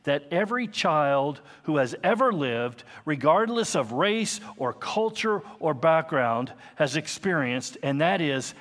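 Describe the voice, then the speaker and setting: Slow-speaking preacher man in his fifties. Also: fairly high pitch, sing-song, a bit bright. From United States. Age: 50s. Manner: earnest, conversational preaching with asides. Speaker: pastor. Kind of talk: sermon.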